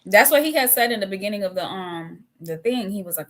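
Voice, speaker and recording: A woman's voice: medium pitch, lively intonation, fairly quick, few pauses, a bit bright, a little hiss or hum. Chatty woman co-host retelling a story. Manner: retells stories with acted-out quotes, laughs often. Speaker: podcast co-host. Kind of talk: casual chat.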